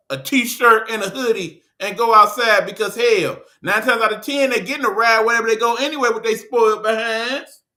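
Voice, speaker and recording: A man's voice: high-pitched, pushed and bright. A man with a Detroit accent hosting his own online show, ranting in a blunt, profane, joking way. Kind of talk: casual ranting monologue.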